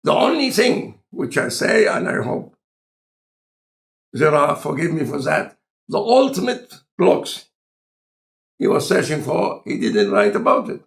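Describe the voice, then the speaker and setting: A man with an Egyptian accent and a non-native speaker of English, talking in a relaxed, conversational lecture style with deliberate, halting phrasing. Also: a little high, vocal fry. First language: Arabic. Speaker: scientist in conversation.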